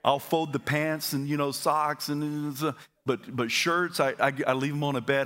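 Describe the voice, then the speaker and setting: A man preaching a sermon to his congregation, energetic and having them repeat phrases back to him, with stammered repeats and quick asides. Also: mid-range voice. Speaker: pastor. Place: church auditorium.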